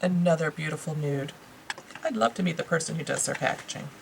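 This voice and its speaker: A woman's voice: sits low, brisk, vocal fry, background noise. A woman with a New York accent casually and enthusiastically reviewing beauty products she bought, chatting to her viewers. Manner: chatty, enthusiastic, lots of fillers. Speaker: beauty vlogger.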